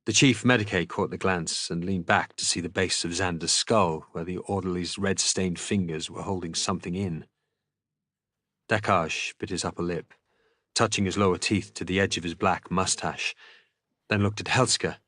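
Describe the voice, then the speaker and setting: Low-voiced man narrating a novel dramatically. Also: steady tone, moderate pace, a bit bright, no echo, clean studio sound. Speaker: streamer reading aloud. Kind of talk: audiobook-style novel reading.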